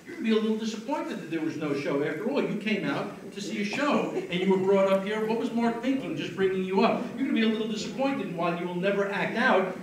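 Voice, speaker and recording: Stage hypnotist, male, higher voice, soothing patter, taped far from the stage in a reverberant venue. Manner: slow soothing suggestions, then apologetic banter. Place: live venue with audience. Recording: echoey room, taped from afar.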